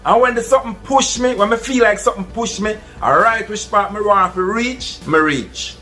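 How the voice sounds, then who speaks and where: A man's voice: high voice, normal speed, bright, forceful tone, faint music behind. A man with a Jamaican accent tells a true story to his viewers in an earnest, casual way and calls them "my people". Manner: earnest, addresses listeners as "my people". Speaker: vlogger. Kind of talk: casual first-person storytelling.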